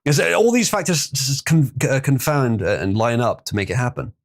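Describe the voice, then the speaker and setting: A man's voice: medium pitch, very animated, normal speed. A man hosting a live stream, chatting casually and reading viewer comments, rambling and opinionated with frequent ums. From Britain.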